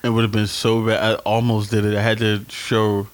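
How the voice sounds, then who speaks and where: A man co-hosting a podcast, chatting casually, teasing his partner and laughing often, now and then jumping into a falsetto. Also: monotone, normal speed. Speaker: podcast co-host. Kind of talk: casual banter.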